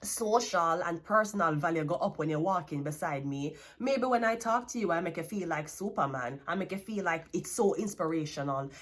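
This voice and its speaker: Blunt Jamaican woman scolding. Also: fairly low pitch. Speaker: tarot card reader. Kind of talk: tarot reading rant.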